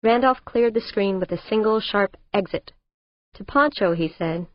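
A woman narrating an audiobook in a steady, even reading. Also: mid-range voice, normal speed, no room sound. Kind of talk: scripted narration. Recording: dull lo-fi dry recording.

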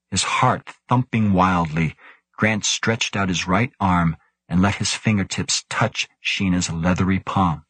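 A man narrating an audiobook in a measured, suspenseful manner. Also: sits low, fairly bright tone, slightly rough, no room sound.

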